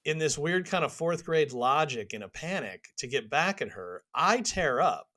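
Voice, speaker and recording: A man in his forties co-hosting a podcast, a little nasal and low on energy from a cold, telling a story wryly. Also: expressive, moderate pace, fairly bright tone. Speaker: podcast co-host. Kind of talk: casual storytelling.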